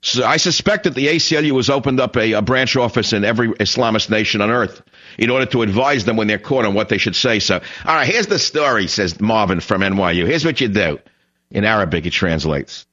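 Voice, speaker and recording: A man's voice: on the low side, expressive, a little fast, dull audio. Combative man ranting on talk radio. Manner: combative, sarcastic ranting with sudden loud outbursts. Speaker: radio talk show host. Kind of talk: political talk radio monologue.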